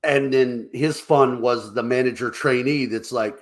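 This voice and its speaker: Animated storytelling man. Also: a little slow. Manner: animated, acts out quotes in higher voices, laughs often. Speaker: podcast co-host. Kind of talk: casual storytelling over drinks.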